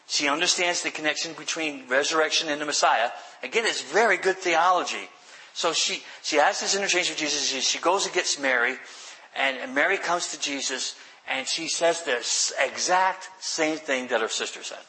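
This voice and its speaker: A man preaching a sermon, explaining scripture earnestly, often restarting phrases and sinking to quiet emphasis. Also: medium pitch, lively intonation, moderate pace, poor audio. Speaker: pastor.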